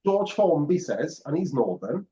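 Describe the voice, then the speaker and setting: A man's voice: a little high, big pitch swings, a little slow, mellow, a little hiss or hum. A man in casual podcast chat, joking and repeating himself while he builds up to a punchline. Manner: stammering, joking, insistent. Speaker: podcast co-host. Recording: muffled lo-fi audio.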